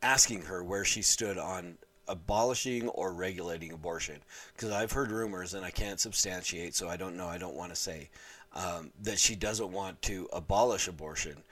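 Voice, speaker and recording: A man speaking earnestly and haltingly to camera as an evangelist vlogger, often pausing to search for words. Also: sits low, a bit bright. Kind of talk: unscripted talk to camera.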